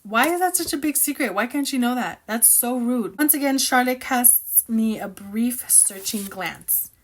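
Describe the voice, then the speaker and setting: A woman chatting casually about a novel she is reading, excitable, opinionated and rambling as she reacts. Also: a little high, a little slow. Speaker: book reviewer reacting while reading. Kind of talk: casual book reaction chat.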